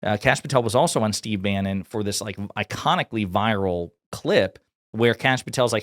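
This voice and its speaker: A man's voice: on the low side, moderate pace, a bit bright, no echo, clean studio sound. A man from Kentucky giving casual political commentary in a blunt, sarcastic, profane way.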